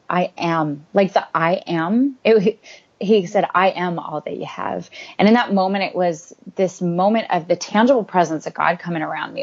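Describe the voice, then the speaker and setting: A woman, a guest author, sharing an earnest and rambling personal faith story in an interview, with many fillers. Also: on the low side. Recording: dull lo-fi recording.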